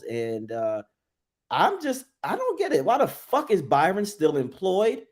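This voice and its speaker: A man's voice: on the high side, sing-song, normal speed. A man co-hosting a live sports fan show, ranting angrily and swearing often as he vents frustration. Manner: angry, profane, fired up. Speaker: sports podcast co-host.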